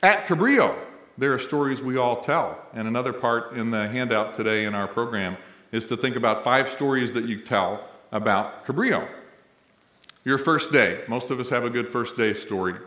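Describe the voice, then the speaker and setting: A man's voice: mid-range voice, normal speed, a bit bright. Man telling stories to an echoey hall. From Missouri, US. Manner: humorous, conversational storyteller, playing to the audience. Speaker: college president and emcee. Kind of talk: ceremony speech with storytelling. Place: large indoor event hall.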